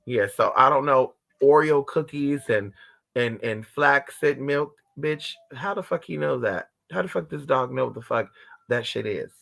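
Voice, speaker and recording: A man casually telling a story to his viewers, animated and profane, calling them honey and girl. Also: mid-range voice, a little slow, vocal fry. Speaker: vlogger.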